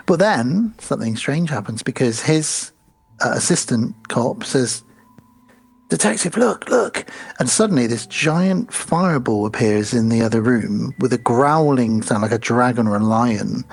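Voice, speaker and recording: A man's voice: medium pitch, animated, normal speed, husky. A man co-hosting a horror film podcast, recapping the plot step by step and quoting the characters. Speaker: podcast co-host. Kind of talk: casual film review chat.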